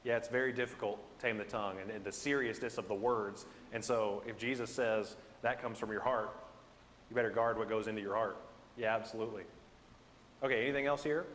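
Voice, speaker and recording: A man teaching a Bible class in a conversational, self-deprecating, animated way. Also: on the low side, brisk, slight background noise. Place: church building. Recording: echoey hall with long reverb.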